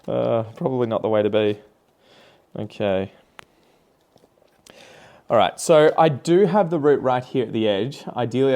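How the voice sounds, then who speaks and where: A man's voice: on the low side, a little mellow. A young Australian man with an Australian accent, chatting casually and rambling while he repots plants, swearing now and then. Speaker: plant vlogger. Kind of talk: casual chatty commentary while doing chores.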